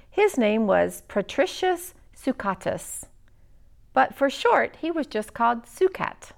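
A woman narrating a children's story expressively, with dramatic pauses. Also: a little high, creaky.

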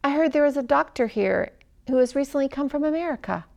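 Woman playing a courteous, troubled man, earnest storybook read-aloud, raspy undertone. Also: sits high, animated, fast, a little mellow, dull audio, pitched above the performer's own voice. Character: troubled grown man asking politely for help.

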